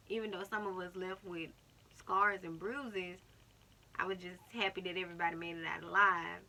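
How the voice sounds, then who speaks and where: A young woman telling a personal story in a casual vlog, acting out what other people said. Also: fairly low pitch. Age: young adult. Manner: animated retelling, acting out other people's words. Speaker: vlogger.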